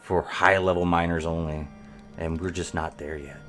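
A man's voice: deep voice, fairly even intonation, moderate pace, over music. A man giving rambling live gameplay commentary as a streamer, talking to his viewers while he plays. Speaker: game streamer.

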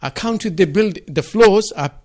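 A man's voice: high-pitched, expressive, unhurried, a little mellow, pitched above the performer's own voice. A man voicing a boastful male villager inside a joke, sounding pleased with himself. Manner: boastful, self-satisfied. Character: boastful male village man who thinks he's clever.

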